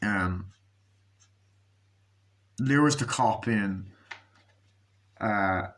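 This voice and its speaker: A man's voice: lowish voice, very slow, fairly bright tone. A man giving a casual, profane movie review, sarcastic and acting out scenes in mocking voices.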